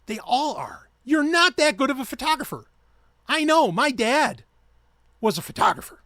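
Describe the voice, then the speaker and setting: A man's voice: very high voice, big pitch swings, moderate pace, sharp tone, dry recording, clean studio sound. A man hosting his own podcast, ranting in a heated, profane and sarcastic way. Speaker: podcast host. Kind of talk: ranting solo podcast talk.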